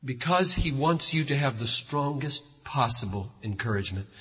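A man's voice: mid-range voice, expressive, breathy edge. Emphatic male pastor in an echoing hall. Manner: emphatic, builds to loud slow declarations. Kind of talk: sermon. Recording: lo-fi recording in a reverberant hall.

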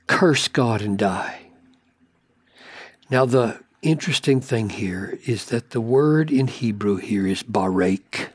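A man preaching a sermon, asking rhetorical questions and growing emphatic as his pitch climbs high. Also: animated, takes it slowly, slightly rough, no room sound.

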